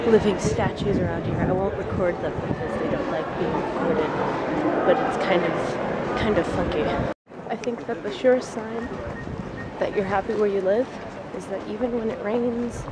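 A young woman chatting excitedly as she walks and narrates her travel vlog outdoors, recorded on a handheld camera. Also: mid-range voice. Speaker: vlogger. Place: city streets and gardens outdoors. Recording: handheld camera outdoors with loud street noise.

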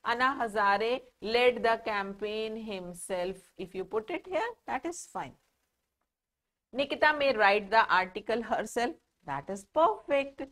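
A woman's voice: on the high side, expressive, measured pace, a bit bright. Female grammar teacher, Indian English accent, patient explainer for young students. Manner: explains patiently, asks the children questions and answers them herself. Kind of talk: classroom lesson.

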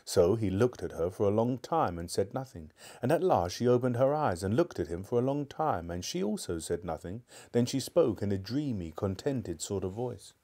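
Male live-stream reader, relaxed low tone, friendly asides between story passages. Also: moderate pace, few pauses. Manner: chatty and appreciative asides. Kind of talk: reading aloud live and chatting with viewers.

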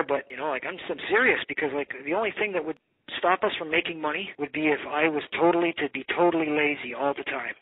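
A man's voice: fairly high pitch, fast talker, slightly rough, no echo. Rambling man on a tinny phone line. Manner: rambling storyteller, swears. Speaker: bow maker. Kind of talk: casual phone conversation.

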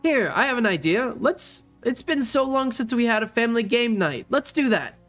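A man's voice: very high-pitched, big pitch swings, moderate pace, a bit bright, faint music behind, voice pushed up, exaggerated voice. A man voicing a doting, playful father in a tabletop role-play game, speaking in an affectionate, upbeat way. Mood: fond. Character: doting playful middle-aged human father.

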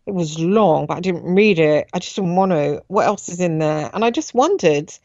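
A woman guest on a radio show, recounting a personal experience in a halting way as she searches for words. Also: lowish voice, animated, a little mellow, no echo, muffled recording.

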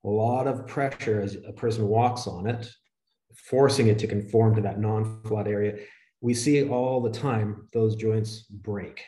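Low, mellow-voiced man presenting slides. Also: a little slow, echoey room. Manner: steady explanatory delivery, conversational. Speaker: webinar presenter on flooring.

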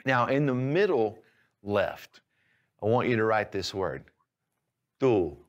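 A man teaching a language lesson, explaining patiently and clearly, step by step. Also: lowish voice, lively intonation, slow, lo-fi sound. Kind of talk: instructional lesson.

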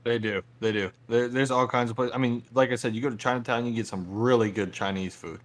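Relaxed young Texan man, mid pitch. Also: fast. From Texas. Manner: relaxed, rambling, hesitant. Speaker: podcast co-host. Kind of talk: casual chat.

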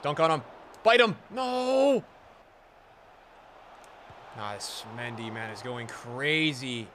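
Excitable young man streaming a football game. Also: mid-range voice, normal speed, slight background noise. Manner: excitable, swears a lot, yells at big plays. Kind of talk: live gameplay commentary to chat.

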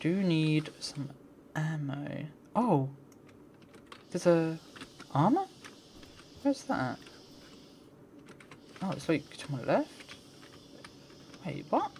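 A man's voice: a little high, animated, slow, pauses often, darkish tone, slight background noise. A man giving let's play commentary, muttering to himself and swearing in frustrated rants. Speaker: gamer.

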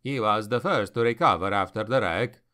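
A man voicing a fatherly male mercenary colonel with a Scottish accent, speaking gently and dryly. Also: fairly low pitch, normal speed. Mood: earnest.

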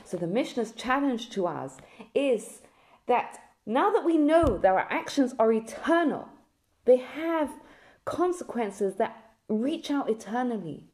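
A woman gives an earnest spoken lesson, her voice sitting a little high. She talks in a storytelling way and often restarts her sentences as she gathers her thoughts. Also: sing-song, measured pace, a little mellow. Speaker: teacher.

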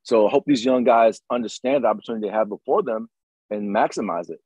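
A man's voice: on the low side, fast, a little mellow, slightly rough, no echo, rough recording. A middle-aged man hosting a casual conversation, talking in an emphatic, motivational way and repeating his points. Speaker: podcast host, retired Green Beret.

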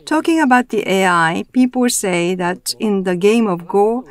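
A woman interpreting a roundtable discussion into English as a voice-over, speaking in a measured, even way with the odd restart. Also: medium pitch.

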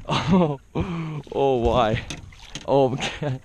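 A man's voice: mid-range voice, takes it slowly, long pauses, slight background noise. A young man filming himself as he fishes from a boat on a lake, talking through each catch and chatting to his dog. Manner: talks to his dog while fighting fish. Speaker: fishing vlogger. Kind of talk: excited outdoor fishing commentary. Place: fishing boat on a lake, outdoors.

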